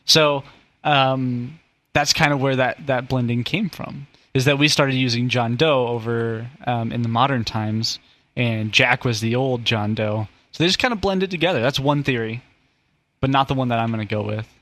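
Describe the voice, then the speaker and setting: Bright-voiced joking man. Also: mid-range voice, normal speed. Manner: joking, rambling explainer. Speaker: podcast host. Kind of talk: casual comedic chat.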